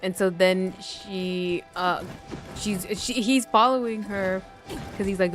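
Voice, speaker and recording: A woman streaming a game talks through its story in a loose, rambling way. She leans on "like" and "um" constantly and drops briefly into the characters' voices. Her voice sits at an ordinary middle pitch, with faint music playing behind her. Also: steady tone, slow pace. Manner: rambling, filler-heavy, uses "like" constantly; slips into quoted voices of characters. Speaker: gaming streamer.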